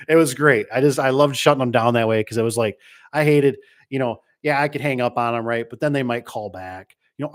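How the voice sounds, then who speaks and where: A man, mid-pitched, chatting casually about his work. He rambles from story to story. He acts out what other people said. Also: fast talker. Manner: rambling, storytelling with acted-out quotes. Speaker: garage door business owner. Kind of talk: casual chat.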